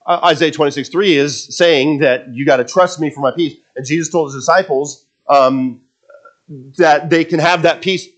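A man with a fairly high voice delivers a sermon to a congregation. He builds emphasis on repeated words and tosses in casual asides. His delivery is emphatic. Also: normal speed. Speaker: pastor.

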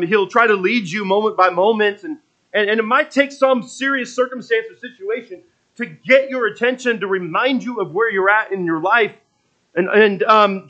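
A man's voice: high voice, pushed and bright, lo-fi sound. A man preaching a sermon in a conversational, storytelling way, often restarting his phrases.

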